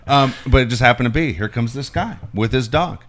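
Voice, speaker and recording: A middle-aged man co-hosts a casual sports talk show, speaking fairly quickly in a medium-pitched voice over a loud crowd. He's an animated storyteller who swears freely and restarts his sentences often, mixing sports chat with stories.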